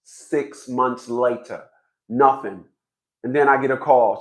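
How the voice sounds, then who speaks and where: A man's voice: medium pitch, expressive, a little slow, a bit bright. A man in his fifties giving a blunt, profane vlog monologue, stammering through repeated restarts. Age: 50s. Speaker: fathers' rights commentator.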